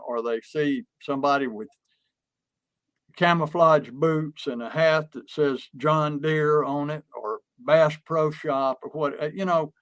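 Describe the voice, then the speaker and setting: A man coaching on business, chatting casually and acting out stories with lively energy. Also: a little high. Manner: animated storyteller who acts out quotes. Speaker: pest control marketing coach. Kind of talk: casual podcast chat.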